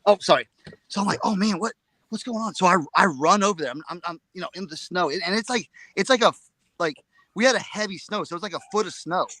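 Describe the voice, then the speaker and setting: Man, slightly high voice, bright forceful tone, excitable rambling storyteller, dry close mic. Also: quick pace, no echo. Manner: excitable, rambling, repeats words. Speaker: reseller show co-host. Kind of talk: casual storytelling chat.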